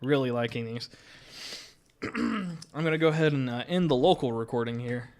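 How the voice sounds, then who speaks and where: A man's voice: medium pitch, animated, normal speed, darkish tone. A man streaming a game live, reacting in a casual way, swearing freely and laughing. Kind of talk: live game playthrough commentary.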